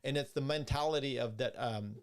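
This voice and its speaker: A man's voice: medium pitch, brisk. A man hosting a political podcast, reading articles and viewer questions aloud and commenting in a blunt, rambling way with many restarts and some swearing. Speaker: podcast host.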